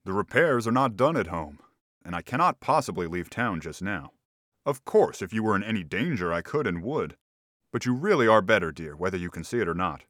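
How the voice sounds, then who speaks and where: A man's voice: fairly low pitch, very animated, a little fast, a bit bright, dry recording, clean studio sound. A man doing a patronizing husband doctor. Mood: soothing. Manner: soothing, patronizing. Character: calm condescending male physician husband.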